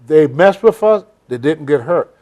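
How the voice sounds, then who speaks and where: A man's voice: on the high side, animated, measured pace, mellow. An older man hosting a casual interview, telling blunt, rambling stories in a folksy way. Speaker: host. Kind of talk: casual storytelling chat.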